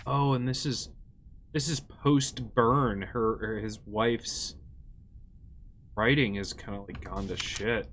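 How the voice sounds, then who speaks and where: A man's voice: on the low side, steady tone, takes it slowly, fairly bright tone, a little hiss or hum. Man muttering through a horror game. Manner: muttering reactions, yawning. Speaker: streamer. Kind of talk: casual gameplay commentary.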